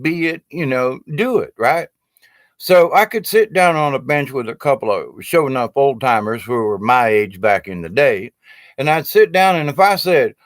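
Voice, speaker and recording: An older man with a Southern US accent tells stories in a rambling, folksy way and keeps dropping in "you know". His voice sits at an ordinary middle pitch, and the recording is dry and close. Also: animated, moderate pace, no echo. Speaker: storyteller and puppeteer. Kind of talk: rambling humorous storytelling monologue.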